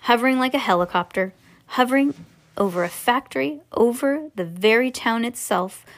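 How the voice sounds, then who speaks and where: A woman casually reading a storybook aloud to children, relaxed and sometimes stumbling over words. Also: on the high side, normal speed. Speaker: reader to children.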